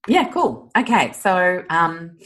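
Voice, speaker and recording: A low-pitched Australian woman chats as a guest on a podcast. She talks at length, animated and full of fillers, and laughs easily. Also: takes it slowly, low-quality recording. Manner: animated, laughs often, chatty with many fillers. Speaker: author guest. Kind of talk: casual podcast interview.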